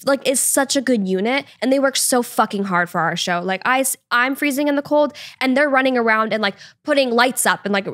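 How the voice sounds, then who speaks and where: A woman's voice: on the high side, a bit bright, no echo, studio quality. A woman in her twenties, a guest on a podcast, chatting casually and rambling with lots of fillers. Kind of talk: casual chat.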